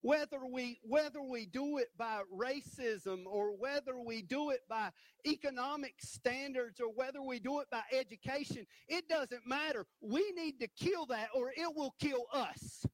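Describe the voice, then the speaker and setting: A man preaching a sermon from a church stage, animated and emphatic, punctuating points with "right?". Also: very high voice, unhurried, dry recording, poor audio. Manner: animated, rising to emphatic peaks with repeated "right?".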